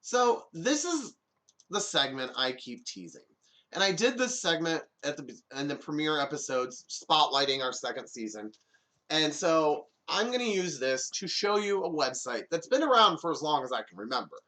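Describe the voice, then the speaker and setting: Man host, solo comedic commentary, sarcastic quips, lively bouncing pitch, slightly high voice. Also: moderate pace. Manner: jokey, sarcastic asides. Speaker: podcast host.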